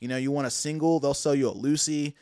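A man's voice: a little high, fairly even intonation, fast talker, warm tone, smooth, dry recording, studio quality. A man hosting a casual chat, laid-back and slangy.

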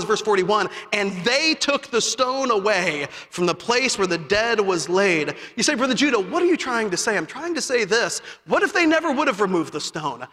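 A man from Chicago preaching a sermon with passion, building to shouts and dropping to hushed tones. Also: very high-pitched. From south side of Chicago. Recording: long hall reverb.

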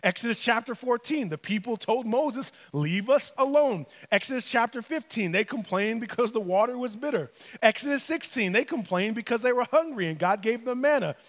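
High-voiced, animated preacher man. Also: brisk, few pauses. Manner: animated, humorous storytelling preacher. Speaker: pastor. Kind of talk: sermon. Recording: long hall reverb.

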